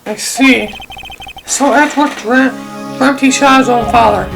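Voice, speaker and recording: A woman's voice: high-pitched, measured pace, gravelly. A woman voicing an elderly male lawyer who is genial, fussy and soothing, with game music behind.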